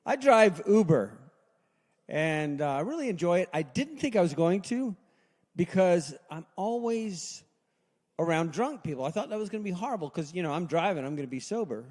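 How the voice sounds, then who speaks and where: A man in his sixties doing a stand-up set at a live open mic, deadpan, dropping low and quiet for his punchlines. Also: moderate pace. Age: 60s. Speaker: stand-up comedian. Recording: long reverb in a hall.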